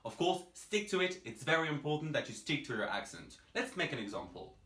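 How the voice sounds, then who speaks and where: A young man from France, teaching English pronunciation to camera, emphatic and spelling out sounds slowly. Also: medium pitch, big pitch swings, bright, forceful tone, roomy sound.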